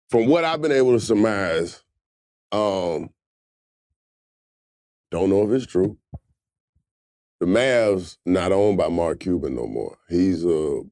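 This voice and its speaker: A man's voice: low voice, slow pace, long pauses, no room sound, clean studio sound. Profane, riffing male comedy co-host. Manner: loose, profane, animated riffing.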